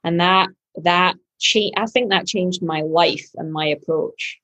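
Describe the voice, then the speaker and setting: Casting: lower-pitched husky woman, pro athlete guest, animated storyteller who replays her own thoughts. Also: a little slow, lo-fi sound. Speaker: professional triathlete guest. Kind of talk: podcast interview storytelling.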